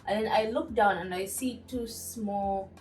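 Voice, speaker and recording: A woman's voice: mid-range voice, a little slow, echoey room, faint music behind, low-quality recording. Chatty young woman telling a storytime. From Zambia. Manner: chatty, animated storytelling with asides. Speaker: beauty vlogger. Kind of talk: casual storytime while doing skincare.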